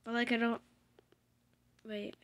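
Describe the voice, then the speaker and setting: A young woman giving casual, rambling commentary while playing a video game, playful with loud excited outbursts. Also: on the high side, slow pace. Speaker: gamer. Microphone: desk microphone.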